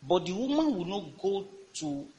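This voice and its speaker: A man's voice: high voice, normal speed, muffled recording, a little hiss or hum. A male pastor preaching a sermon in a church, reading scripture and calling on the congregation to respond. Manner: lively preaching with call-and-response.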